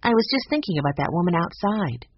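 A reader voicing a quiet, shy girl in an audiobook, soft and hesitant. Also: medium pitch, big pitch swings, fast talker, a little hiss or hum, lightly acted. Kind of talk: audiobook character voice. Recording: dull lo-fi audio.

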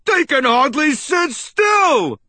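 Squeaky shouty rat buddy, bright and bouncy, storybook style. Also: male voice, very animated, slow pace, dry recording, full character voice. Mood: boisterous. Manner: shouting, boisterous. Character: brash loud young male rat pal. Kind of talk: audiobook character voice.

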